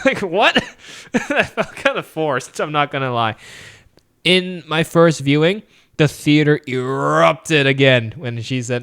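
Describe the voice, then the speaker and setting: A man co-hosting a podcast, casually reviewing a film, retelling scenes with lively acted-out lines and frequent laughs. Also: fairly high pitch, measured pace, smooth. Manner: animated retelling, acting out lines, laughs often. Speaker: podcast co-host. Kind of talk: casual movie review chat.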